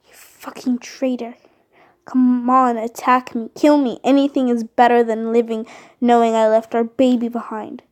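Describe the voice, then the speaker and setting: A woman voicing a fierce, hot-tempered young man in a fan audio drama, who talks in raw, shouted bursts. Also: sits high, fairly even intonation, slow, pauses often. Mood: furious.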